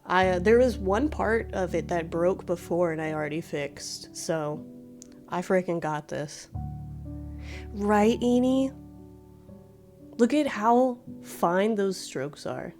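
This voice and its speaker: A woman doing casual live-stream commentary, gushing and excitable, laughing often. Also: lowish voice, slow, soft background music. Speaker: livestreamer.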